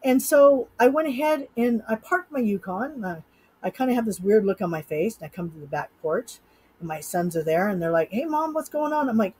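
A woman's voice: medium pitch, brisk, darkish tone, husky, rough recording. A middle-aged woman from Utah, a hypnotist guest in an interview, telling a personal story with animation and acting out her own thoughts. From Utah, USA.

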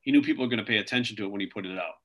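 Racing along in a fairly low, fairly bright voice, a video creator tells stories as an interview guest. His casual talk rambles and is packed with "like" and "you know."

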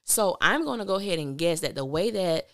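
A woman hosting a podcast, giving a casual and opinionated recap of a TV drama with lively, animated delivery. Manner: animated, opinionated, quick swings of pitch.

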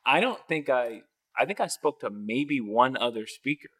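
A man on a podcast as a guest, chatting casually and telling stories in a playful, animated way. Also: medium pitch, normal speed. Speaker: podcast guest, speaker and coach.

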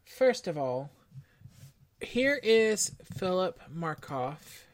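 A woman's voice: fairly low pitch, very animated, extremely slow, no echo. A woman co-hosting a casual true-crime podcast, laying out her research in a matter-of-fact way with wry asides. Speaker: podcast co-host.

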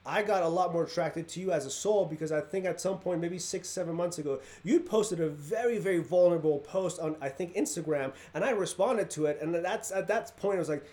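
A man with a high-pitched voice hosts a casual podcast chat. He tells his stories with energy and acts out the voices of the people in them. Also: brisk, hardly any pauses, a little mellow. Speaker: podcast host. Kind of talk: casual storytelling interview.

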